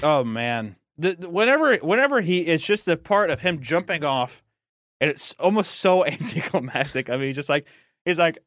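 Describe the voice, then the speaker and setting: A man's voice: a little high, big pitch swings, moderate pace, a bit bright, dry recording, studio quality. A young adult man hosting a podcast in casual chat, rambling and laughing often as he reacts to movies.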